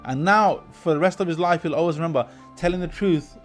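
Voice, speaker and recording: A man in his forties tells stories at a brisk clip. His voice sits a bit high, and he shifts it to act out the people in his anecdotes. Faint music runs underneath. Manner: animated anecdotes, quoting people with lively voice shifts. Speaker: teacher and podcast host. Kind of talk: casual storytelling in an interview.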